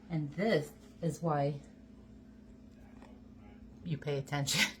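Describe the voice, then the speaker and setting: A woman's voice: low-pitched, slow pace, noisy background. A woman from Georgia, chatting folksily to her viewers in her home kitchen. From Georgia, USA. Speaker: home cooking vlogger. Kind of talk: casual chatty cooking video.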